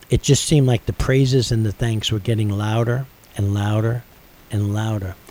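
A man's voice: medium pitch, warm tone, low-quality recording. Middle-aged male radio host, earnest storyteller, ordinary mid-range voice. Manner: earnest storytelling, building intensity. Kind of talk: personal testimony on radio.

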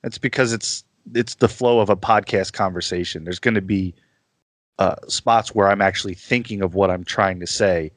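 A laid-back man talks casually as a podcast guest, chatty and quick to laugh at himself. His slightly low voice keeps a steady tone at normal speed, recorded dry and close with no sense of the room.

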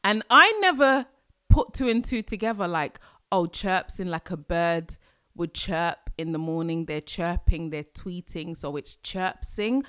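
A woman from London with a London accent, hosting a casual solo podcast, chatty and animated with sudden exclamations. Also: fairly low pitch, a little slow, clear, resonant tone. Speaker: podcast host.

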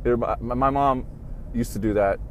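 Man, podcast host, casual swearing rant, swings from mumbling to loud outbursts, faint traffic behind. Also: mid-range voice, brisk. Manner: swearing, heated, jumps between mumbled asides and loud outbursts.

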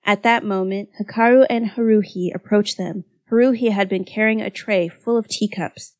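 A woman podcast co-host reading her own fanfic aloud, narrating in a steady, expressive storytelling way. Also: mid-range voice, normal speed, no echo.

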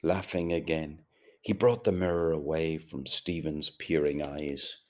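A male narrator reading a literary novel in a measured, deliberate way. His voice is very deep and he takes his time over every phrase. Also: fairly even intonation, a little mellow. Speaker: audiobook narrator.

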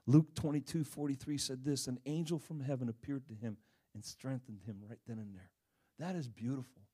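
A middle-aged man preaching a sermon, animated, swinging between loud bursts and hushed stretches as he acts out the people in his stories. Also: mid-range voice, brisk, slightly rough. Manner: animated, dramatic swings in volume, acts out quoted voices.

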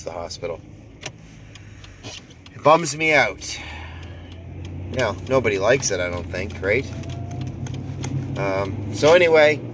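A man, hosting a podcast in a wry, rambling monologue full of halting restarts. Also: medium pitch, noisy background. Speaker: podcast host.

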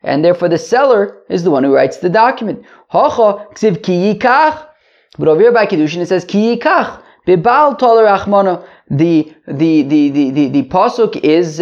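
A man's voice: sits high, dull audio. A man giving a daily Talmud lesson, explaining step by step and repeating phrases with rhetorical questions. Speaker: Talmud teacher.

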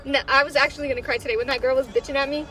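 A woman's voice: sits high, fairly even intonation, very fast, pushed and bright, poor audio. A young woman chatting casually in a car, swearing freely and laughing often. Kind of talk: casual chat.

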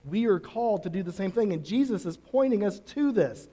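A male pastor delivering a sermon. His voice sits high for a man, and he talks in a conversational, energetic way, leaning hard on the key words. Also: brisk, few pauses.

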